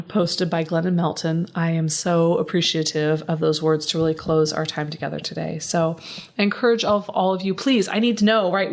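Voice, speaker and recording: A middle-aged woman hosting a solo podcast, speaking candidly and with feeling, often checking in with "right?". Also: on the low side. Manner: candid, heartfelt, tags lines with "right?". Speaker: podcast host and psychotherapist.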